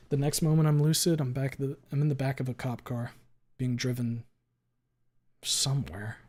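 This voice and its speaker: Husky man reading a story aloud. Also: mid-range voice. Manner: dramatic, expressive reading with sudden loud outbursts. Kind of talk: first-person story narration.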